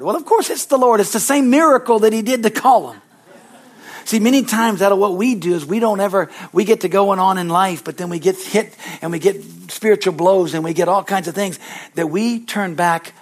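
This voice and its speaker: Energetic middle-aged preacher, a man. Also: a little high. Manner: rising to loud preaching bursts, calling out "Amen?"; addresses children in the congregation. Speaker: pastor. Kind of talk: sermon.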